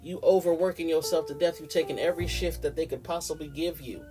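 Man, animated preachy ramble, fairly high voice, guitar music underneath. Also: fast. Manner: animated, preachy, slips into playful mimicry. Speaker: podcast host. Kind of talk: casual spoken ramble.

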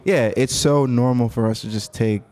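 A man's voice: medium pitch, moderate pace, darkish tone, smooth. A man hosting a podcast in casual chat, laid-back and slangy, laughing easily. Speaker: podcast host.

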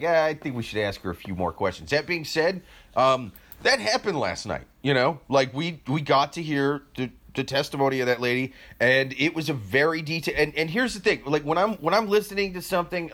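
Animated comedian man riffing. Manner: animated, shifts pitch a lot. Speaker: comedian, podcast co-host. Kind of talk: casual political chat.

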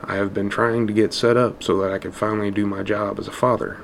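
A callous estranged father with a hint of amusement running through each word, put on by a man. His voice is low with a gravelly texture, and faint ambience sits behind it. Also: flat delivery, quick pace, slight background noise. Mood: mocking. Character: smug, callous estranged middle-aged father.

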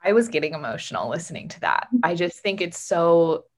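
Brief: woman host, lowish voice, admiring and measured. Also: lively intonation. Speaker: podcast host. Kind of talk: interview questions.

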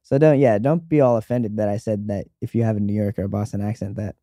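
A man's voice: on the low side, steady tone, fast, mellow, no room sound, studio quality. An American man co-hosting a podcast, blunt, opinionated and teasing in casual chat. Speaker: podcast co-host.

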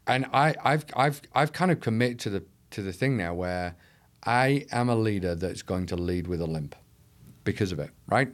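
A man's voice: fairly low pitch, expressive, moderate pace. A man talking as an interview guest in a passionate, rhetorical way, often leaning on quotes to rally listeners. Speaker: guest, leader of an anti-trafficking charity. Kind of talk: conversational interview.

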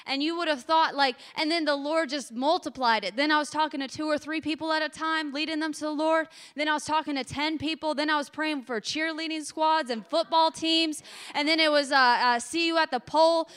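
Bright high-voiced woman preaching passionately. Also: steady tone, fairly quick, few pauses. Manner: passionate, builds to emotional peaks. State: voice cracking with emotion. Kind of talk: sermon testimony.

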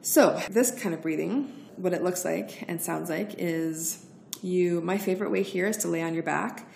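A woman's voice: on the low side, moderate pace, gravelly, a little mellow, a little hiss or hum. A woman hosting a podcast, giving chatty, encouraging breathwork instructions straight to her listeners. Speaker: podcast host. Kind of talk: casual instructional talk.

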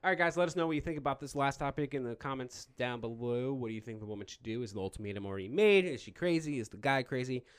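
A man's voice: mid-range voice, quick pace, few pauses, clear, resonant tone. A man co-hosting a casual podcast, joking and wrapping up the show. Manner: animated, jokey, wraps up the show. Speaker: podcast co-host.

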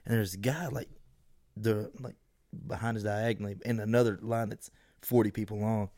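A man tells a story in casual podcast chat. He talks in a profane, animated way and often breaks into acted-out bits of dialogue. The sound is dry and close, with no room echo. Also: fairly low pitch, moderate pace. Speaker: podcast co-host.

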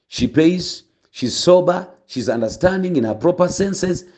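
A man's voice: sits high, animated, measured pace, a little mellow. A male pastor praying and preaching a sermon, fervent and full of stories. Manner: fervent, storytelling, many restarts. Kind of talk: sermon and prayer. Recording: dull lo-fi recording.

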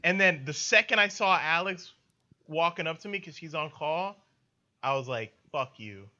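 Bright-voiced young man telling a story. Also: a little high, normal speed, muffled recording. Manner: laughing storyteller, deadpan punchlines. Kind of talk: casual storytelling chat.

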